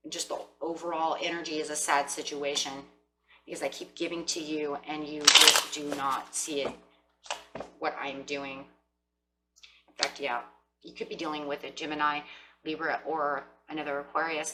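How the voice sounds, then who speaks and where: Low-voiced woman giving a tarot reading. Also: level tone, moderate pace, heavy background noise. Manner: speaks directly to viewers, acts out imagined quotes. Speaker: tarot reader.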